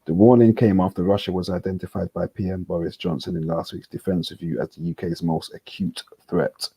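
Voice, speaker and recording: A man's voice: low-pitched, steady tone, fairly quick, warm tone, slightly rough. A man reading a news article aloud on a panel chat, stumbling over names and making jokey asides. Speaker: panel host.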